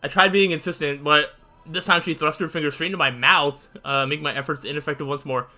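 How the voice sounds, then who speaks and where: A man's voice: a little high, fairly even intonation, fast talker, pushed and bright, faint music behind. Man casually reading a story aloud. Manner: casual reading with fillers and asides. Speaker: channel host reading aloud. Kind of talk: reading a visual novel aloud.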